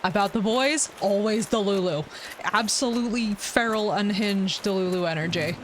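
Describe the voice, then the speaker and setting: A woman live-streaming a game, rambling candidly and joking in loose slang. Her voice sits mid-range for a woman. A steady noise runs under the live audio. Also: medium pitch, moderate pace. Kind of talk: casual chat while playing.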